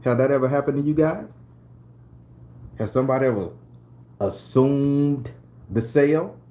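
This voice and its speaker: Middle-aged southern dude spinning a club story, slangy and cussing, mid-pitched voice. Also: male voice, normal speed, mellow. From southern Florida. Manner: slangy, profane, streetwise swagger. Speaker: channel host storyteller. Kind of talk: casual storytelling to camera.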